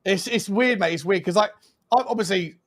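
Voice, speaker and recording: A man's voice: sits high, fairly quick. Chatty young Englishman co-hosting a watch-along. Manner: chatty, lots of fillers and restarts, laughs often. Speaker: co-host. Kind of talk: casual live watch-along chat.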